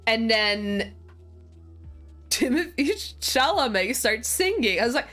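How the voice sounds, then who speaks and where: A woman streaming a game, chatting casually with her viewers in an excitable, talkative way that often breaks into laughter. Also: fairly high pitch, takes it slowly, faint music behind.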